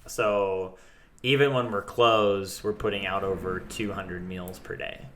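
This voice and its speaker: A man's voice: deep voice, fairly even intonation, unhurried, a bit bright. A young adult man, a chef and restaurant owner, talking candidly and rambling in a casual interview, swearing freely. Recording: echoey room with faint noise.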